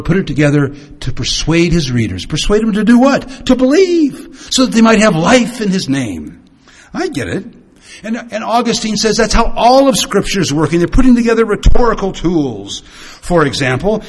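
A man preaching and teaching with storytelling. He swings his pitch and volume for dramatic effect. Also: breathy edge. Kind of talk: sermon-style teaching.

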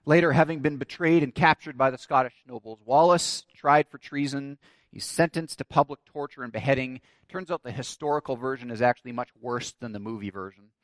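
A man's voice: mid-range voice, brisk, no room sound. A man preaching a sermon, telling a story and building to emphatic declarations. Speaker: pastor.

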